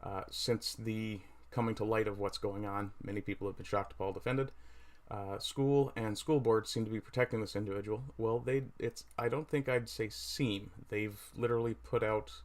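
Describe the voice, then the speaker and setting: Man, low voice, casual livestream host, halting speech, lots of ums and uhs, close chin mic. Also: fairly even intonation. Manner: hesitant, many fillers, reads chat aloud. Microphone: mic right under the chin.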